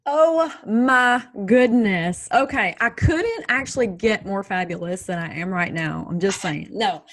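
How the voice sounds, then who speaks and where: A woman's voice: on the low side, expressive, normal speed, fairly bright tone, dry recording. A middle-aged woman with a Southern US accent, chatting upbeat as an interview guest and laughing often. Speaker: guest, business coach and speaker. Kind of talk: casual interview chat.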